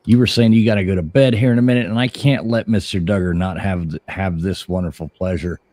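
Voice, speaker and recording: A man's voice: low-pitched, fairly even intonation, fairly quick, dark tone, dry recording. A man hosting a live call-in show, talking in a hesitant, stumbling way. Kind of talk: casual chat.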